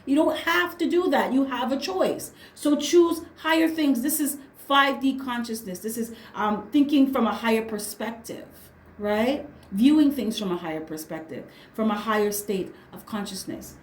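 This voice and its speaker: Speaking at a moderate pace with a fairly high voice, a tarot reader gives a casual session. She talks in blunt slang, curses freely, and punctuates her points with "right?" and "okay?" while the room echoes around her.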